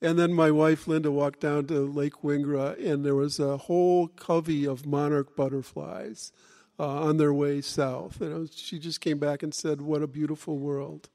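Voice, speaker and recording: A man moderating a live panel, speaking in a relaxed, reflective way. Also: a little high, normal speed, creaky. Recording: reverberant hall.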